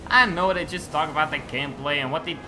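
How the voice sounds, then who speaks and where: A man's voice: a little high, quick pace, noisy background. A young man from Belgium with a Dutch-native accent, rambling and tripping over words while commentating on a racing game. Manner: rambling, stumbling over words, swearing casually. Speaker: gaming YouTuber. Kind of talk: gameplay commentary.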